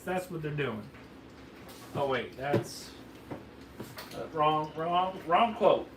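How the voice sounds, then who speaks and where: His high voice is very animated, yet he speaks slowly with long pauses. Hosting a fireworks video in a fake Southern drawl, he rambles and jokes folksily through a casual hands-on demo for the person filming. The camera mic captures roomy, distant audio with a faint hiss of noise.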